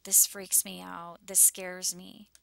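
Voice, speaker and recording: Upset woman vlogger near tears, bright tone, gravelly edges, flat pitch, dry close sound, slips into whispers. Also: slow pace, no room sound. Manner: shaken, breaks into whispers, restarts often. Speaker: YouTuber sharing visions. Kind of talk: anxious vlog commentary over a map.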